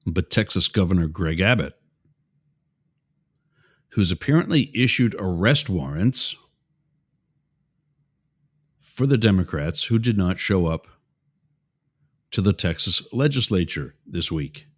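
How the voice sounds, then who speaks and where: Deep-voiced man hosting political talk. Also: animated, slow, pauses often. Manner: rambling, digressive, with asides to listeners. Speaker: show host. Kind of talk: opinionated political commentary.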